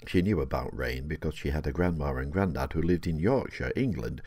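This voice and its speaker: An older man reading his own children's story aloud in a gentle, expressive way. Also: rumbling low, a little fast, husky, no room sound.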